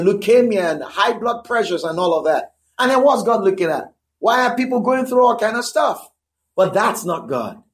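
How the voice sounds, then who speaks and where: High-voiced emphatic male preacher. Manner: emphatic, repeating phrases for effect; conversational asides to the listeners. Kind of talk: sermon.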